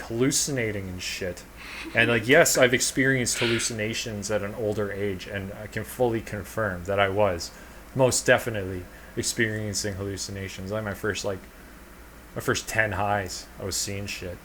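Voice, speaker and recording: A man's voice: on the low side, fairly bright tone, a little hiss or hum. A man co-hosting a podcast, telling a long casual story in a rambling, profane, laid-back way. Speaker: podcast co-host.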